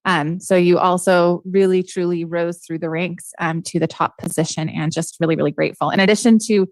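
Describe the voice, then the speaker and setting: A woman's voice: fairly low pitch, steady tone, brisk, no room sound. A woman chairing a county board meeting, paying an effusive, admiring tribute to a retiring colleague over a video call. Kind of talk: formal tribute at a public meeting.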